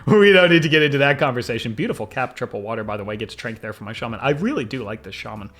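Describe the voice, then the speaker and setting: A young man commentating his own game replays in an excitable, fast-shifting way, often laughing. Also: medium pitch. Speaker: gaming video creator.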